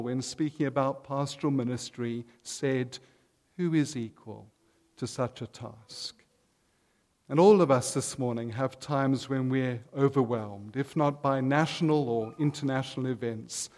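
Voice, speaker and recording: A man preaching a sermon in a relaxed, conversational storytelling way. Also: medium pitch. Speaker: pastor. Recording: long hall reverb.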